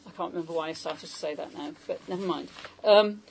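A woman's voice: fairly low pitch, fast talker, gravelly, darkish tone, low-quality recording. Woman, poetry translator, informal talk, hesitant, questions to audience, faint background noise. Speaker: poetry translator leading a salon. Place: room with a small live audience.

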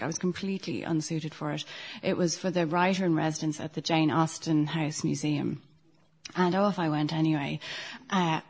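A middle-aged woman, a poet, giving a poetry reading. Between poems she chats in a hesitant, self-deprecating way, and she reads her verse in a measured voice. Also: lowish voice, gravelly, husky. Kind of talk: poetry reading with chatty asides.

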